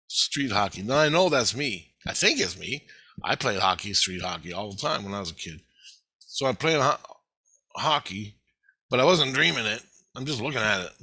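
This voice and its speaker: A man telling a rambling, profane story in casual vlog style, getting excited as he goes. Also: medium pitch, no echo. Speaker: vlogger.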